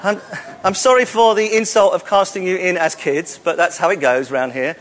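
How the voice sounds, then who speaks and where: A man's voice: sits high, moderate pace. A man leading a live audience on a hall stage, coaxing volunteers with playful, teasing jokes. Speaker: presenter leading audience participation.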